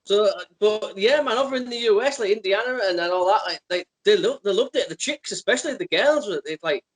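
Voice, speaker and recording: A man's voice: high voice, lively intonation, a little fast, slightly rough, low-quality recording. A man with an English accent co-hosting a casual podcast, talking eagerly with frequent restarts. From England. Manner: enthusiastic, stammers on restarts. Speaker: podcast co-host. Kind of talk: casual interview chat.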